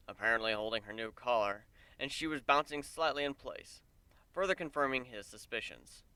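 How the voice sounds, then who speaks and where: A man giving a dramatic reading of a story, with expressive narration that swells and drops in loudness. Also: fairly low pitch, fairly quick, clear, resonant tone, no echo. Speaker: fan fiction reader.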